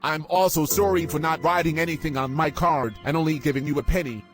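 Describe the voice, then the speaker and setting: A man's voice: fairly high pitch, fairly even intonation, a little fast, natural voice. A man voicing a bossy, hot-tempered young guy. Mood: apologetic. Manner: shouting insults, then earnest apologies. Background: music.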